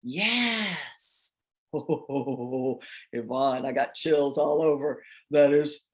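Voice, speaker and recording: A woman in her sixties hosting a spiritual coaching talk for a women's group, expressive and acting out inner voices with laughter. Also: extremely low pitch, very slow. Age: 60s. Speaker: host of a women's group chat.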